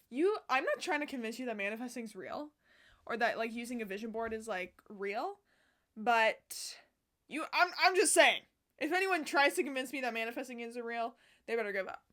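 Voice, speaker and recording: A young woman vlogger chatting outdoors, excitable and sassy, swearing often. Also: fairly high pitch. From Canada. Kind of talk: casual chat. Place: outdoors on a sunny day.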